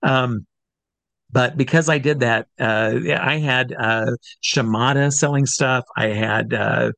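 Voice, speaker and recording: Man telling lively anecdotes, dry sound. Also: mid-range voice, takes it slowly, gravelly, no echo. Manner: animated anecdotes with acted-out quotes. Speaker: guest. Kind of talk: casual storytelling.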